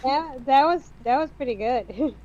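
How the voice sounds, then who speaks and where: A woman's voice: high-pitched, a little slow, warm tone, muffled recording, a little hiss or hum. A woman in casual chat with friends, reacting with short, amused remarks.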